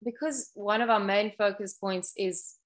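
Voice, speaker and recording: Woman interview guest, mid-pitched, earnest and methodical in explaining. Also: fairly even intonation, measured pace. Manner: earnest, explanatory, lists ideas step by step. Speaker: ocean education program guest.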